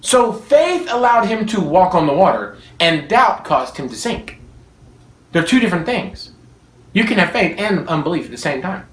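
An animated preacher delivers a sermon with a lively, swooping pitch, acting out dialogue and laughing along the way. The voice rings through an echoey room and is picked up from some distance off the mic. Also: moderate pace. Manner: animated, acts out quoted dialogue, laughs often. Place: room with listeners.

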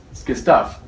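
A preacher giving a sermon to a room of listeners, animated and often laughing while acting out quoted dialogue. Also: mid-range voice, creaky. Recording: echoey room, mic at a distance.

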